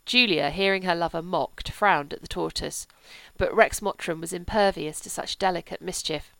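A woman reading a novel aloud in a measured, clear narration. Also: lowish voice, fairly bright tone, no echo. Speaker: audiobook reader. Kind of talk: scripted narration.

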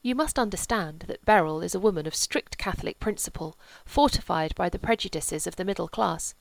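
A woman reading the part of a solemn, placid, pompous gentleman with a grave, measured delivery. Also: fairly low pitch, gravelly, no echo, rough recording.

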